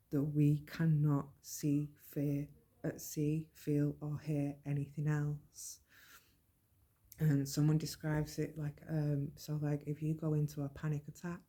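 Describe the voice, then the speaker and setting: A woman giving an earnest, measured personal monologue about mental health. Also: sits low, mellow. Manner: earnest, measured, plain-spoken. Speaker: podcast host.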